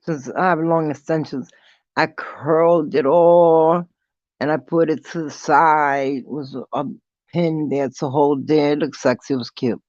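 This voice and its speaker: A vlogger telling a story in a casual, animated way, laughing often and swearing freely. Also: medium pitch, a little slow, no room sound. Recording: dull, slightly lo-fi dry audio.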